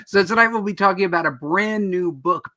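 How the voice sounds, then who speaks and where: A man's voice: sits high, fairly quick, pushed and bright, no echo. Upbeat joking man hosting a live show. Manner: jokey, self-deprecating, upbeat. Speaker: host. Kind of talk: live online comics talk show.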